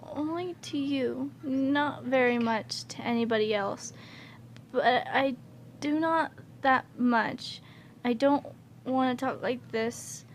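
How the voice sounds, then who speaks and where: A timid young man who barely speaks, voiced by a woman reading a fan story, stammering and stopping on nearly every phrase. The voice sits high and the delivery comes out slow and careful. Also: a little hiss or hum. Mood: shy. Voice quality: stammering, halting. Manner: soft, hesitant, repeats words. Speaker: guest reader.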